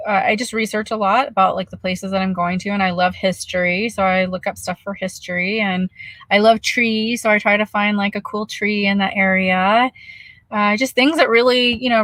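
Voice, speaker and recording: A woman vlogger chats casually through a live-stream Q&A from her camper van, reading viewer comments and answering in an easygoing way. Her voice sits at a middle pitch, and the sound is dry and close, with no room echo. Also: fairly bright tone.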